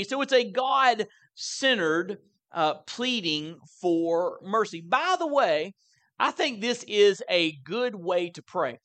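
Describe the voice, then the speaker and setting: Bright high-pitched preaching man. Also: animated, takes it slowly. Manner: earnest preaching, voice rising on quoted scripture. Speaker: pastor. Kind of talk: sermon. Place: church sanctuary.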